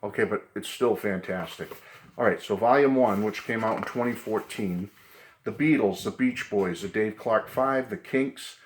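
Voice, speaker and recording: Speaking at a moderate pace in a fairly low voice, this Boston-accented video host from New England runs a laid-back lesson. He chats freely and leans on repeated phrases like "okay" and "great book."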